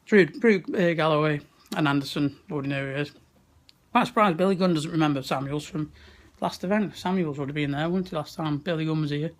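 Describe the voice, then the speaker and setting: At a wrestling event, a young West Midlands man vlogs into a handheld camera held at arm's length, chatting, laughing, and swearing frequently. His voice is fairly high and his pace fairly quick.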